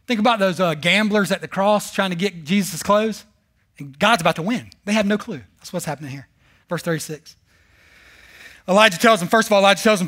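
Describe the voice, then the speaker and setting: A male pastor preaching a sermon, telling a Bible story with animated, sarcastic humor. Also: high voice, fairly quick. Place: church service.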